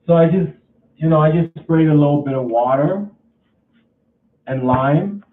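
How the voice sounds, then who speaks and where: A man's voice: on the high side, recorded from a distance. Rambling man on a tinny, echoey mic. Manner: rambling, repeats himself, halting restarts. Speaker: vlogger. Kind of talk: casual rambling vlog.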